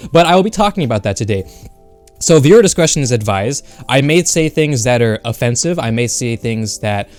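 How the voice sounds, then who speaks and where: A man's voice: mid-range voice, darkish tone. A young man streaming from home into a desk mic, rambling bluntly with profanity and lots of fillers. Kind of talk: casual livestream chat.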